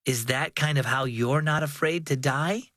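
A man's voice: fairly high pitch, a little slow, a bit bright, no room sound, studio quality. A man voicing an anxious, earnest young boy in a children's audio story, raising his voice in an eager, worried way.

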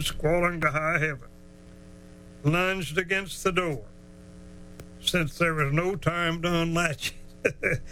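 A man spins a folksy tale in a bright, forceful voice pitched a little high. He drawls and chuckles along, and stretches out the tense moments. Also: a little hiss or hum, poor audio. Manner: drawling, chuckling, dramatic slowdowns. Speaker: storyteller. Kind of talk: folksy storytelling.

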